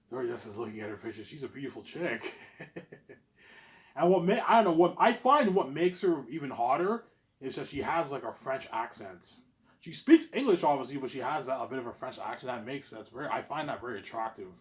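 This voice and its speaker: A man vlogging in a rambling, repetitive monologue, boastful and swinging between loud bursts and low mumbles. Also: lively intonation, fairly quick. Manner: repetitive, boastful, keeps saying obviously.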